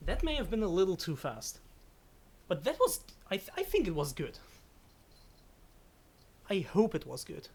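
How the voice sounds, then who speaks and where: A woman's voice: lowish voice, wildly swooping pitch, moderate pace, long pauses, a little mellow, slightly rough. A woman chatting casually on a live game stream, giggling often, stumbling over her words and swearing when startled. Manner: giggly, stammers and restarts often. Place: at home.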